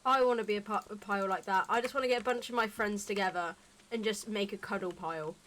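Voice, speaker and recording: A woman's voice: mid-range voice, fast talker, fairly bright tone, slight background noise. A young adult woman streaming a game and chatting casually, rambling and often restarting her sentences. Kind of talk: casual chat while gaming.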